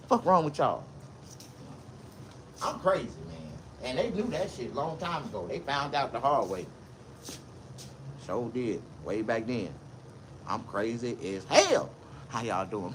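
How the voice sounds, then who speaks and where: A man telling stories in a casual livestream, loud, profane and boisterous. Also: medium pitch, animated, normal speed, long pauses, a little hiss or hum. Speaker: vlogger.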